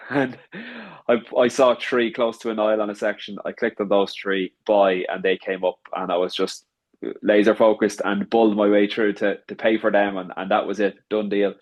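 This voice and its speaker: A man's voice: fairly low pitch, level tone, moderate pace. A middle-aged man in casual podcast chat, telling a story methodically and repeating words as he restarts.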